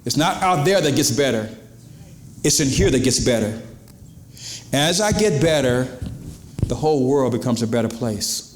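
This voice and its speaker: A man preaching a sermon as pastor, animated, swinging from low emphatic lines to high exclamations. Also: normal speed, long pauses, reverberant, slight background noise.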